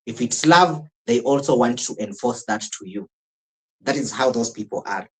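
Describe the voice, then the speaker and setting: A Kenyan man hosts a casual live reaction stream. He talks in a loose, opinionated way, reacts to clips as they play and greets viewers by name. His voice sits at an ordinary middle pitch. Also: moderate pace, a bit bright, rough recording. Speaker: streamer reacting to a reality show.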